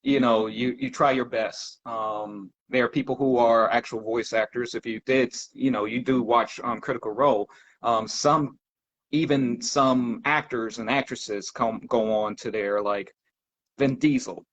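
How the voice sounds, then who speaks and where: A man talking casually as a podcast guest, pausing often with ums. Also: medium pitch, fairly even intonation, a bit bright. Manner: halting, many ums. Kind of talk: casual conversation. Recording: dull lo-fi audio.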